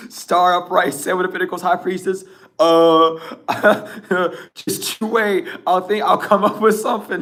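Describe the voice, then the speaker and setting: A man giving a casual tarot reading, teasing and laughing often, blunt and profane, with a throat that sounds a bit rough. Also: high voice, flat delivery, measured pace, fairly bright tone. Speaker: tarot reader.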